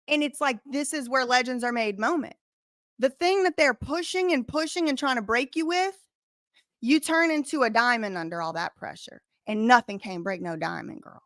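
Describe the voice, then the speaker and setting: Woman stream host, defiant and emphatic, bright voice, higher pitch. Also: expressive, normal speed, no room sound, studio quality. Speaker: host of a live reaction stream. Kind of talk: live reaction commentary.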